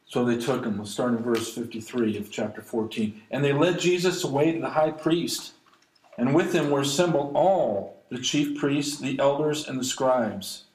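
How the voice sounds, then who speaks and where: A man preaching an expository sermon, reading scripture aloud and commenting on it, slowing down to stress key lines. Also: mid-range voice, darkish tone, a little hiss or hum. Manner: reads verses aloud then comments, slows for emphasis. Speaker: pastor. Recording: echoey room.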